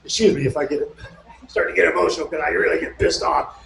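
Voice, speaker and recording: A man reading aloud and explaining to an audience, indignant and fired-up, with mocking asides and bursts of shouting. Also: fairly high pitch, fairly even intonation, fast, creaky. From California. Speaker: speaker at a local meeting. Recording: echoey room with faint background noise.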